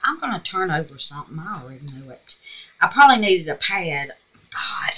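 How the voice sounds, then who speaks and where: A woman's voice: deep voice, big pitch swings, a little fast, pushed and bright. A Southern woman with a scratchy voice chatting casually through a crafting tutorial at home, talking to herself and calling viewers babies. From Mississippi, USA. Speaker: craft vlogger. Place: home craft room with air purifier.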